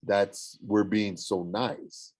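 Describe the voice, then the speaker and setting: A man voicing a menacing, taunting male war god in an audiobook, sneering and low. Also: steady tone, drawn-out words, a little mellow. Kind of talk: audiobook character voice.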